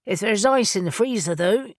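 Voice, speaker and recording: A woman's voice: medium pitch, expressive, moderate pace, no room sound, studio quality, lightly acted. A woman voicing an easygoing young male surfer witch who talks in a breezy, joking way.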